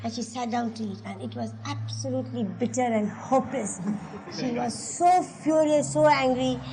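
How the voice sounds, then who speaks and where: A woman's voice: a little high, normal speed, gravelly, warm tone, a little hiss or hum, low-quality recording. A woman with an Indian English accent telling family stories in an oral history interview, laughing often and acting out the voices she quotes. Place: religious center.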